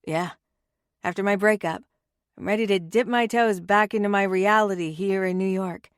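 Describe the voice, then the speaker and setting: A woman voicing a young woman's calm, fond best friend in a romance audiobook, with a soft, even-tempered manner. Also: medium pitch, moderate pace, clear, resonant tone, no echo, clean studio sound, natural voice. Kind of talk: audiobook character voice.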